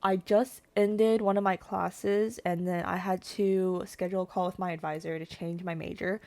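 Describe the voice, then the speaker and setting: A woman in her twenties telling a story to her viewers as a VTuber, animated and swearing freely. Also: on the low side, moderate pace. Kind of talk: casual storytime.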